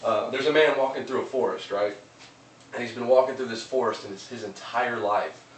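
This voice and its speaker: A man's voice: medium pitch, brisk. An earnest man delivers a casual motivational monologue, stumbling over repeated words as he goes. The mic sits some distance off in a roomy space. A faint noise hums behind him. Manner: earnest, loose, with many repeated restarts. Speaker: vlogger giving motivational talk.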